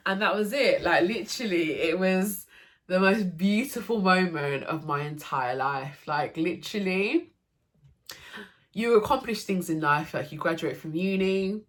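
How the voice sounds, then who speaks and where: Young woman vlogger with a low voice, casual and emotional retelling, many fillers and restarts. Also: unhurried. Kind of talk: casual storytelling to camera.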